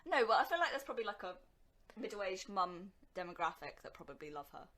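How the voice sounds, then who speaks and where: A woman's voice: medium pitch, sing-song, fast talker, fairly bright tone. A young woman from England co-hosting a casual podcast, giggly and enthusiastic. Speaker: podcast co-host. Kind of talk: casual chat.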